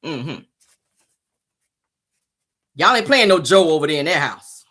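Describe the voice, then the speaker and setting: A woman's voice: low voice, big pitch swings, a little slow, a bit bright. A woman hosting a casual celebrity gossip show, sassy and teasing, laughing often as she reacts to viewer comments. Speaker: show host.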